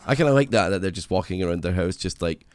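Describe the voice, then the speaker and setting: A man's voice: low-pitched, expressive, quick pace, darkish tone, smooth, no room sound. A Scottish man co-hosting a casual podcast chat, chatty and asking the others questions. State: hungover. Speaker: podcast co-host.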